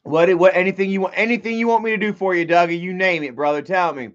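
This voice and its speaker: Dude rambling on his livestream, cussing a lot, kinda high voice, muffled lo-fi audio. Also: fast. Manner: rambling and profane, heavy use of filler words. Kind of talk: casual livestream chat.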